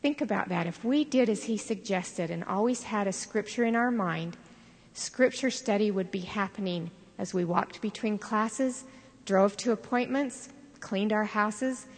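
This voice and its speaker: An older woman giving a sermon, telling stories in an earnest, measured way. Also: medium pitch. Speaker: devotional speaker. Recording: long reverb of a large hall.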